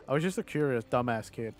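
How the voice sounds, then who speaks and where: Rambling British man chatting on stream. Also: mid-range voice. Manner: rambling, swears, answers chat. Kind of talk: casual gaming stream chat.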